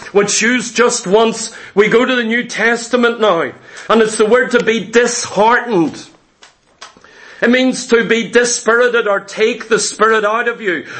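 A man's voice: high voice, bright, forceful tone. A man preaching a fervent sermon, repeating phrases and calling out to the congregation as saints.

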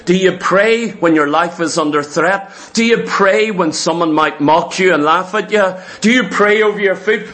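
A middle-aged man preaching a sermon, animated and acting out the voices of the people he quotes. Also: high-pitched, normal speed, few pauses.

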